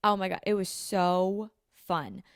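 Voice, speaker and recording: Creaky and slow, her medium-pitched voice comes through a dry, clean studio recording. A young American podcast host from the Philadelphia suburbs, she chats from an apartment room on a podcast mic with video, filling her talk with "like" while sniffling from a slightly runny nose.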